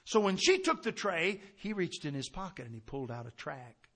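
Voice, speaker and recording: A man preaching a sermon with fervor, swinging from loud to hushed. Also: on the high side, wildly swooping pitch, normal speed.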